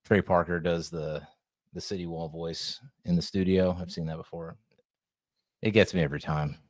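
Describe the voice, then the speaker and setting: In a studio-quality recording with no echo, a man with a deep voice speaks at normal speed with fairly even intonation. He's a podcast co-host in casual chat, rambling, joking and often restarting his sentences.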